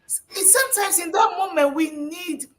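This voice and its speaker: A woman's voice: extremely high pitch, moderate pace. A woman guest on a talk show, giving emphatic, preachy advice.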